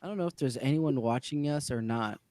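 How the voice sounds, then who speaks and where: A man co-hosting a livestream in an easygoing, self-deprecating way. His voice is dark and mellow, at an ordinary pitch for a man. The recording is dry and close. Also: brisk, no echo. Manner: laid-back, self-deprecating. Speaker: co-host. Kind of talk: casual livestream chat.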